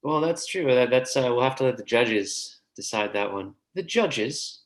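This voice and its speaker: A man's voice: mid-range voice, expressive, moderate pace, rough recording. A man hosting the show, enthusiastically praising and joking with his guest. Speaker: host. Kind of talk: casual commentary.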